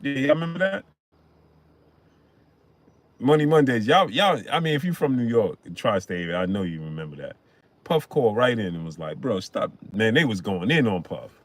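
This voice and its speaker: A man hosting a casual boxing live stream, greeting viewers by name and chatting in an animated way. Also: medium pitch, normal speed, long pauses, no echo. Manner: shouts out chat names, chatty and animated.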